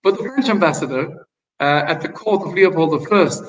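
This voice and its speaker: A man's voice: on the high side, moderate pace. Hesitant man, distant lo-fi sound. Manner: hesitant, many fillers and restarts. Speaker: interview guest, ambassador. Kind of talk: casual interview storytelling.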